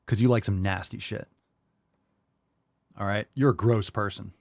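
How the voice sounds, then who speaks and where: A man's voice: lowish voice, steady tone, a little slow, darkish tone, no echo. A man hosting a live podcast who rants bluntly and profanely and mocks his listeners' excuses in put-on voices. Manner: mocking impressions of listeners. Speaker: podcast host.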